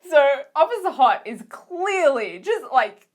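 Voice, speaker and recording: Gushing Australian woman with a raised pitch. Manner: gushing, excitable, giggly, full of fillers. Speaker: vlogger. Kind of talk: casual fangirl recap vlog.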